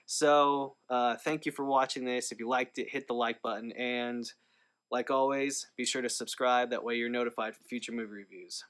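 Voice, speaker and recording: Male vlogger reviewing movies, mid-pitched, loose and rambling. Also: steady tone, moderate pace, fairly bright tone, clear, resonant tone. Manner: rambling, with frequent "uh" fillers and restarts. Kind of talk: casual movie review vlog.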